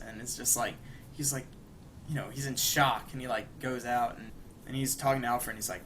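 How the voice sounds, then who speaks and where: A young man co-hosting a podcast, casually retelling a cartoon episode in a rambling way, with lots of fillers and quick put-on lines for the characters. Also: medium pitch, a little hiss or hum. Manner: rambling, acts out quoted lines with animated bursts. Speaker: podcast co-host.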